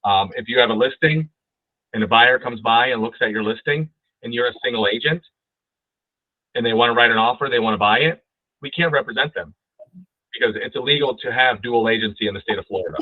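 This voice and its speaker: A man's voice: medium pitch, brisk, no echo. Emphatic male broker on a tinny line. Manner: emphatic, keeps asking "right?". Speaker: real estate broker and trainer. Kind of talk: training webinar. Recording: tinny phone-like dry audio.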